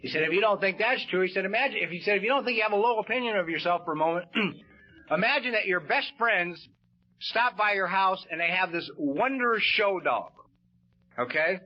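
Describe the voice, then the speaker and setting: Swearing man on an old lo-fi tape. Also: sits high. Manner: folksy, swears casually, says "man" and "you know". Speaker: AA speaker. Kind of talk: recovery meeting talk. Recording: dull lo-fi tape.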